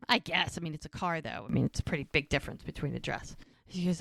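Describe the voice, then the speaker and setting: A woman co-hosting a podcast, retelling a TV episode in an animated, chatty way and quoting the characters. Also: deep voice, fast, creaky, no room sound, studio quality. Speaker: podcast co-host. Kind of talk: casual recap of a TV episode.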